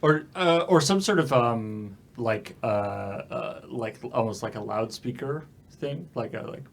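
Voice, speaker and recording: A man in a casual brainstorm, thinking aloud in halting phrases full of fillers. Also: medium pitch, lively intonation, creaky. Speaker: comedy writer brainstorming sketches.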